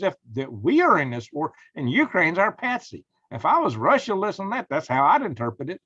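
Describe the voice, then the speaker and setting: A man's voice: on the high side, wildly swooping pitch, fairly quick, few pauses, dry recording. Man with drawl, live-stream host, folksy rambler, dry muffled mic. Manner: folksy, rambling, gets heated and loud when indignant. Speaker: prepping channel host.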